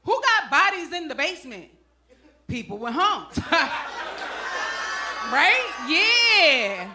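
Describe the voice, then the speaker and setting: A high, bright-voiced woman works a comedy club stage, swinging her pitch all over as she throws slang and asides to the crowd. She is middle-aged, and her punchy stand-up delivery rings in a roomy club with faint noise behind it. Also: very animated, slow pace, music in the background. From Brooklyn, New York.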